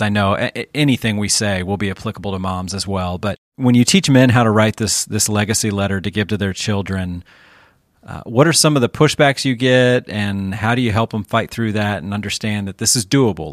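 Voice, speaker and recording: A man's voice: on the low side, no echo, studio quality. A man hosting a podcast interview, encouraging and affirming his guest as he asks questions. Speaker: podcast host. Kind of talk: casual interview conversation.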